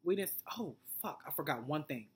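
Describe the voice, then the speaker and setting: A woman with a notably low voice talks through a reality-show recap in a casual vlog. Her delivery is blunt and profane, and it rambles along with fillers and restarts. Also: lively intonation, normal speed. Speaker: TV recap vlogger.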